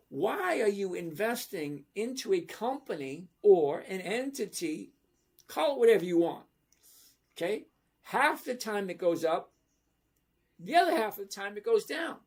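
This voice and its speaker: A man hosting a casual livestream, talking slowly and emphatically and often checking in with "okay?". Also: high voice. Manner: slow, emphatic, repeats "okay?" to check understanding. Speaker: livestream host answering viewer questions. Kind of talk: casual livestream chat about stocks.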